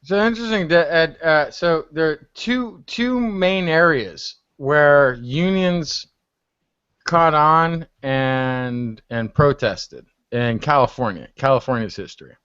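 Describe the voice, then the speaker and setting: A man's voice: on the high side, slow pace, fairly bright tone, clear, resonant tone, no echo, dull audio. A man telling a story in a casual group video chat and acting out the exchanges he quotes. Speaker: hangout panelist. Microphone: computer mic on a video call.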